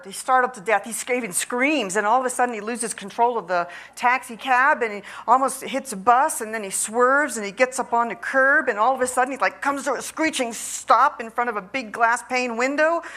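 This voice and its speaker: A woman minister telling a story and then giving a measured, earnest sermon. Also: a little high, pushed and bright.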